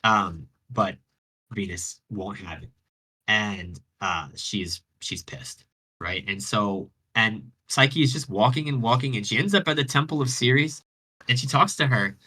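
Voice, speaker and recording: A man's voice: on the low side, unhurried, pushed and bright, husky, rough recording. A man hosting a radio show, retelling a myth in a rambling, slangy way with many restarts over online voice chat. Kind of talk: casual storytelling retelling of a myth.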